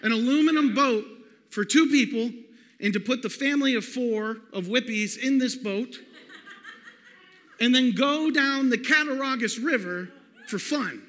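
A man preaching a sermon, telling a personal story in an animated way and calling out to the congregation. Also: extremely high pitch, measured pace. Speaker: pastor. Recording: long hall reverb.

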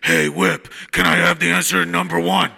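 A preacher puts on a clueless teenage classmate who can't whisper, rasping out his request far too loudly. The voice is bright and tense, pushed high. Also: very animated, moderate pace, exaggerated voice. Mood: pleading. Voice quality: raspy loud whisper.

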